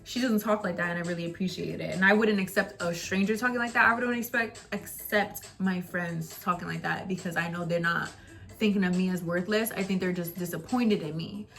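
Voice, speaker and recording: A woman's voice: fairly low pitch, brisk, vocal fry, fairly bright tone, faint music behind. A young woman casually chatting to camera in a vlog, candid and rambling, swearing freely and often laughing. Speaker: vlogger. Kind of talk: casual storytime chat.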